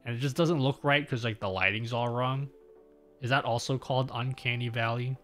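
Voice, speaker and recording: This young Australian man rambles through a casual livestream, restarting often and cutting himself off amid constant fillers. His medium-pitched voice is steady and a bit bright, moving at normal speed over faint background music.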